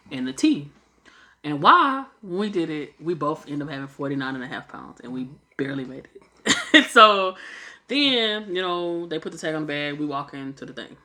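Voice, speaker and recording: A young woman casually telling a travel story, swearing freely and acting out what people said. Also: sits low. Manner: animated, swears freely, acts out quotes.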